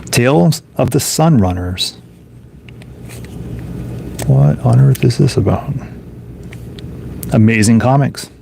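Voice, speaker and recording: A man's voice: mid-range voice, lively intonation, takes it slowly, gravelly, pauses often, darkish tone, a little hiss or hum. A man casually commenting to himself while flipping through old comic books, offhand and musing. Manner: offhand, musing, mumbles to himself between thoughts. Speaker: comic book collector vlogger. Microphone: phone camera.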